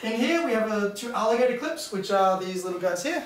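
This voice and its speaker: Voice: mid-range voice, expressive, a little fast. Chatty presenter in an echoey room. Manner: chatty and offhand, thinking aloud. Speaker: presenter demonstrating an experiment. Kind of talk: casual hands-on demonstration. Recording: echoey room, distant mic, background noise.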